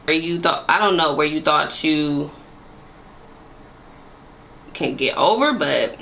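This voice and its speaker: Woman, young adult, vlogger, casual storytime, sassy slangy delivery, slow pace, bright forceful tone. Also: sits low, gravelly, a little hiss or hum. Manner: animated, sassy, slangy retelling with frequent laughs.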